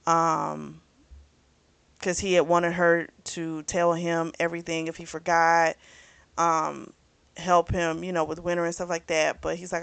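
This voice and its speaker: A woman's voice: on the low side, flat delivery, a little slow, vocal fry, clear, resonant tone, no room sound. A woman reviewing a book in a casual recap, rambling with plenty of fillers and blunt swearing. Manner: rambling, frank, swears freely, lots of fillers.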